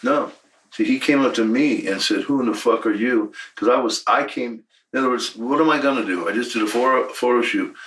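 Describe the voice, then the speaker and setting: A man's voice: mid-range voice, brisk, a bit bright, distant mic, a little hiss or hum, rough recording. A man in his sixties, a former wrestler, telling blunt, profane stories in an emphatic shoot interview. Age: 60s.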